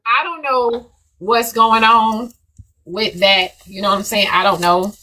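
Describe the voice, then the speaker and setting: A woman's voice: mid-range voice, fairly even intonation, a little slow, pushed and bright. A woman hosting a casual live audio chat, talking emphatically and repeating her points to her listeners. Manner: emphatic, repetitive, addresses listeners as "y'all".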